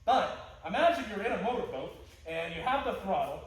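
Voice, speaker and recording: A man's voice: high-pitched, very animated, brisk. A man teaching a martial arts class, playful and joking, often restarting his sentences. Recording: echoey hall, distant mic.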